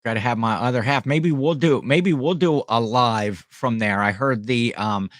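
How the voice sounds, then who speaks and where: A man runs a casual livestream selling items, rambling while he reads the chat out loud, full of fillers and restarts. His mid-range voice moves at a normal speed, recorded in studio quality with no room sound.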